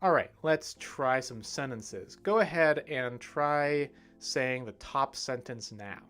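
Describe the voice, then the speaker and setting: A man teaching English pronunciation in a livestream lesson, modelling words slowly and clearly and checking in with "right?". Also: medium pitch, lively intonation, a bit bright, soft background music.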